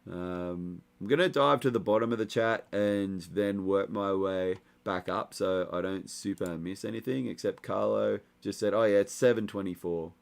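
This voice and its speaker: A man's voice: lowish voice, moderate pace, creaky, few pauses. A young man, hosting a casual livestream and chatting loosely with lots of fillers. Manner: relaxed, rambling, many fillers. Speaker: livestream host reading chat. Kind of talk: casual live chat.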